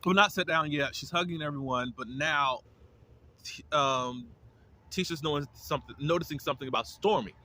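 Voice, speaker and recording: A man's voice: on the high side, normal speed, pushed and bright. A man giving a casual, opinionated recap of a TV episode, with lots of fillers and restarts. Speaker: reality TV reviewer.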